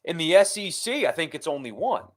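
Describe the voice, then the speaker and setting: A man's voice: fairly high pitch, big pitch swings, brisk. A man hosting a live sports talk show, reading viewer comments and rambling through opinions with frequent restarts. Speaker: sports podcast host. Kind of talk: casual live-stream chat reading comments.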